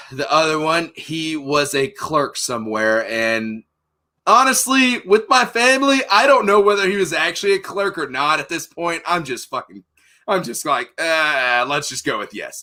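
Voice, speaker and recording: A man's voice: fairly high pitch, animated, normal speed, pushed and bright. A man co-hosting a podcast, telling family stories in casual, heavily profane chat. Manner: profane, emphatic family anecdotes.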